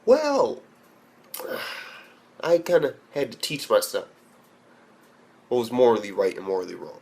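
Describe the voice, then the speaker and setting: A man's voice: lowish voice, very animated, unhurried, gravelly, darkish tone. A young man ranting bluntly and profanely in an anime review, rambling with restarts. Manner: profane and blunt, heavy swearing.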